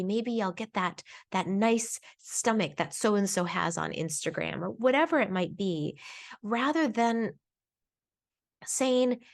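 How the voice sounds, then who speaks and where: A woman herbal teacher giving an informal lesson, talking conversationally and reflectively with frequent fillers and restarts. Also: medium pitch.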